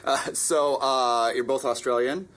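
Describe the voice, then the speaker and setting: A man's voice: mid-range voice, fairly even intonation, measured pace, fairly bright tone, a little hiss or hum. A man hosting a podcast interview, asking questions in a friendly, joking way. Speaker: podcast host. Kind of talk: casual interview.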